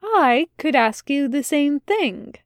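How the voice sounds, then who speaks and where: A woman's voice: sits high, expressive, slow pace, no room sound, studio quality, voice pushed up. Woman doing a polite, fussy male angel.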